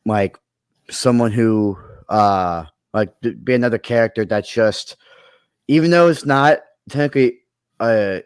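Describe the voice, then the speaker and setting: A man's voice: on the low side, unhurried, smooth, no echo. A man in a casual chat who rambles through his movie ideas, with many restarts along the way. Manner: rambling, full of fillers and restarts. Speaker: creator pitching movie ideas.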